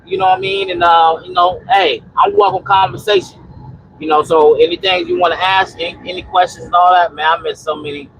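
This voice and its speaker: A man talks into his phone from a truck cab, his voice pitched high with a rough, gravelly edge. He preaches and repeats himself, rambling through restarts as he chats with viewers over a faint vehicle hum. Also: animated, fairly quick, fairly bright tone, poor audio. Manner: preachy, repetitive exhortation; rambling with many restarts and "you know". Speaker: trucker and homesteading livestream host. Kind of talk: casual livestream talk, answering chat.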